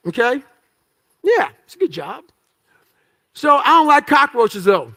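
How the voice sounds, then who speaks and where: With a very high-pitched, sharp-toned voice, a man delivers his life story to an audience as a motivational speaker. His phrases are short, punchy, blunt, and profane, and he acts out his past thinking emphatically.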